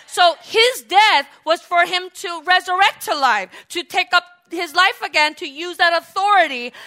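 A woman preaching a sermon in an animated way, acting out quotes and swinging between loud exclamations and quiet asides. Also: extremely high pitch.

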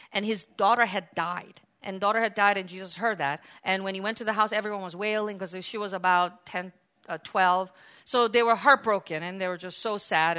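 A woman preacher telling stories in a sermon, conversational and animated, swinging from hushed near-whispers to loud exclamations. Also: fairly high pitch. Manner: conversational and animated, with frequent "like" and restarts. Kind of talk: storytelling sermon.

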